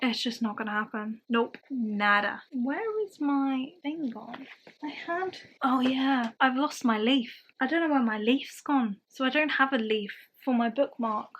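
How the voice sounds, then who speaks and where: Chatty young woman, slightly high. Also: measured pace, a bit bright, a little hiss or hum. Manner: self-deprecating, rambling, thinks aloud. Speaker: book vlogger. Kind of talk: casual chatty vlog.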